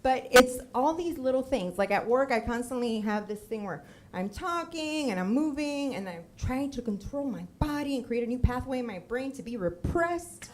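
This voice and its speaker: A woman's voice: on the high side, animated, moderate pace, few pauses, darkish tone. A woman in her thirties from Miami, telling a comic personal story on a theater stage and acting out the voices of the people she quotes.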